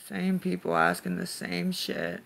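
Irritable gravelly-voiced man muttering at chat. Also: high voice, flat delivery, unhurried, fairly bright tone. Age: adult parent. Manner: irritable, snapping back at commenters; mutters and repeats himself. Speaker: livestreamer reading chat. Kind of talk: late-night live stream chat.

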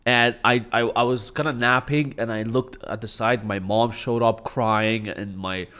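A young man recounting a personal story for his vlog in a casual, laid-back way. He jokes, swears freely and pokes fun at himself, his voice at an ordinary middle pitch. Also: fairly even intonation, unhurried, pushed and bright, clean tone. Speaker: vlogger.

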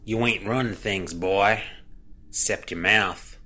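A man voicing a menacing, mocking old man in a wheelchair, with a slow, booming Texan drawl. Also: pushed and bright, heavily acted.

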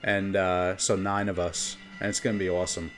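A man's voice: sits low, level tone, moderate pace, fairly bright tone. A man from New York with a New York accent, chatting casually as a game streamer and rambling between topics. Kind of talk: casual gameplay commentary. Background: faint game music.

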